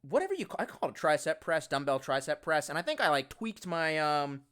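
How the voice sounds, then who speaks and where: A man's voice: a little high, big pitch swings, fairly quick, fairly bright tone, clean tone. A young man hosting a casual livestream in a rambling, profane, exasperated way, talking into a headset. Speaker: livestream host. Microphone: bluetooth headset.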